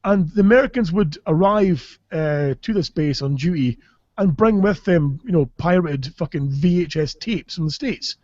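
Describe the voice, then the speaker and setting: A Scottish man from Caithness, hosting a podcast, laughs his way through rambling, profane comic anecdotes. His voice is slightly high, expressive, and a little mellow, at a moderate pace, captured in a dry recording with dull audio.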